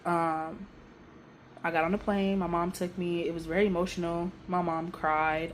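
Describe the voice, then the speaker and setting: A woman's voice: lowish voice, moderate pace, a little hiss or hum. Emotional woman telling a storytime vlog. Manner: emotional, animated retelling with slang. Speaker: vlogger. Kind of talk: casual storytime.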